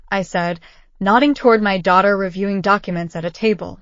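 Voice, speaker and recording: An older woman reading a scripted first-person story in a measured, steady way. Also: medium pitch, dry recording. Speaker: narrator. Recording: dull dry lo-fi audio.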